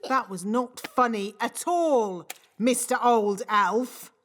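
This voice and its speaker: A woman's voice: a little high, slow pace, fairly bright tone. A woman voicing a bossy, scatterbrained fairy nanny who talks in a fussy, sing-song way and chants spells in a cartoon. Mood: sheepish. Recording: cartoon soundtrack with music under dialogue.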